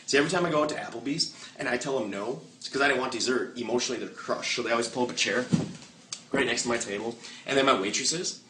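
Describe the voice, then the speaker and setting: A man giving an energetic, joking motivational sales training talk to an audience, firing off rhetorical questions. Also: medium pitch, quick pace, a little hiss or hum. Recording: echoey room, mic far off.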